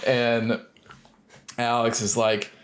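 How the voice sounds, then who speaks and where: A man's voice: medium pitch, little pitch movement, drawn-out words. A man co-hosting a podcast, telling a funny story and acting out what others said. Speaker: podcast co-host. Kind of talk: casual chat.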